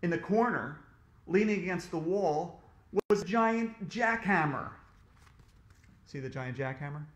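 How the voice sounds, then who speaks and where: Male author reading to children, animated, fairly high voice, roomy sound. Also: a little slow, long pauses. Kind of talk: storybook read-aloud.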